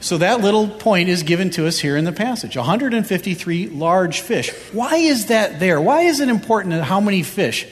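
A man's voice: high-pitched, sing-song, normal speed, few pauses. A male pastor preaching a sermon, driving his points home with repeated rhetorical questions. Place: church sanctuary. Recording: reverberant church hall.

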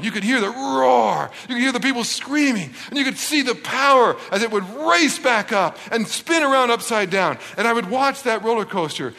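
Animated preacher telling a story in an echoing hall. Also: male voice, sits high, creaky. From Canada. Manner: animated, acts out dialogue with self-deprecating humor. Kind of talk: storytelling sermon. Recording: long reverb in a large hall.

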